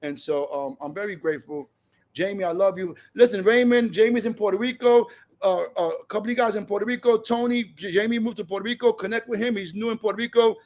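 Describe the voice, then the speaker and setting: A man's voice: high voice, fast talker, darkish tone. A man giving a passionate, repetitive personal share at a recovery meeting, telling stories.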